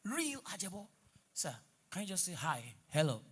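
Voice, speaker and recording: Nigerian male stand-up, lively swooping delivery, teasing crowd work with pidgin asides. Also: high-pitched, normal speed, husky. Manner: teasing, mixes pidgin, breaks into song. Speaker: comedian on stage.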